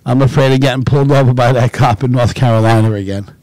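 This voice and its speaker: A middle-aged man hosting a livestream, telling stories in an animated, laughing way. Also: mid-range voice, fast, no room sound. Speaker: show host. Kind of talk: casual storytelling on a livestream.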